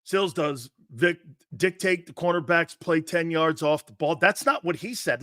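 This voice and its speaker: A man hosting a sports talk show, ranting in a loud, mocking, profane way with frequent shouts. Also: fairly high pitch, lively intonation, moderate pace, no echo, clean studio sound. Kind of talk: brash sports talk rant.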